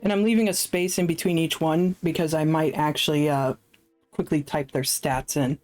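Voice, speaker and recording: Woman streamer, lowish voice, unhurried, chatty and self-deprecating, soft music under her. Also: fairly even intonation. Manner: chatty, self-deprecating, thinks aloud with fillers. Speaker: streamer playing a solo tabletop game. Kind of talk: casual live-stream chat.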